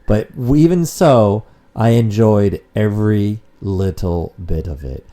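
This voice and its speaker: A man co-hosts a laid-back podcast in a low, mellow voice. He rambles from one thought to the next, swears casually, and keeps the chat loose. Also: unhurried. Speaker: podcast co-host.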